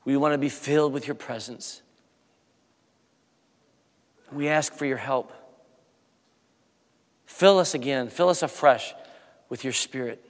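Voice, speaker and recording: A man, the pastor, preaching a sermon with rising emphasis and then leading a soft prayer. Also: mid-range voice, normal speed, pauses often. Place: church sanctuary. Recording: long church reverb.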